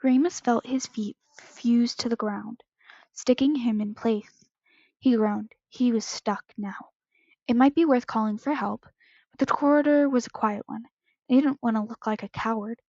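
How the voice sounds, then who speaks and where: A woman with a fairly high voice reads fan fiction aloud, stumbling over words and correcting herself as she goes. The recording is close and dry, from a home microphone with a slightly muffled, lo-fi tone. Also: fairly even intonation, unhurried, dark tone, no echo. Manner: unpolished reading with stumbles and self-corrections. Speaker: podfic reader.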